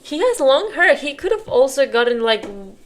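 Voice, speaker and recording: A woman's voice: sits high, very animated, normal speed. A woman hosting a reaction video, talking back at the screen in exasperated, casual commentary and sometimes dropping to a whisper.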